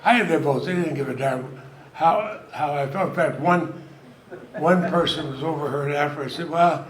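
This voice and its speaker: An older man, a retiring senator, giving a rambling, self-deprecating anecdotal speech to an audience at an event. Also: on the high side. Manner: rambling storyteller, self-deprecating humor, frequent pauses. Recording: echoey hall, noisy crowd. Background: audience laughter and room noise.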